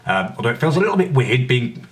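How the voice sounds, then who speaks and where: A young man hosting a casual comedic vlog, talking in a sardonic, deadpan way with indignant asides. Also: medium pitch, fast talker, far from the mic. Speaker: vlogger host.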